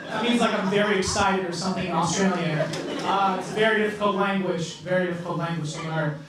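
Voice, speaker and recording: A man's voice: sits high, fairly even intonation, brisk. A young man from South Korea with an American-influenced accent, doing a self-mocking, swearing stand-up set in a comedy club. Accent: American-influenced English. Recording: echoey club from far mic, crowd.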